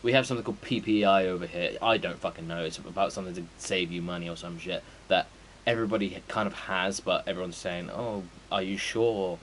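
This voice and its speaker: Male streamer, low-pitched, rambling and sweary, faint background hiss. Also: steady tone, fast, a bit bright, poor audio. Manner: rambling, sweary, full of fillers. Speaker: game streamer. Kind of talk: casual chat before a stream.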